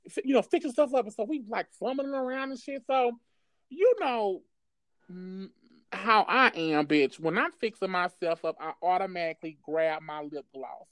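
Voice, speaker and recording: A woman's voice: mid-range voice, normal speed, dry recording. A woman tells a wild personal story to a friend in loose, casual chat. She swears constantly and keeps breaking into laughter. The recording is dry and close, with no room sound. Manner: profane, animated, laughs often.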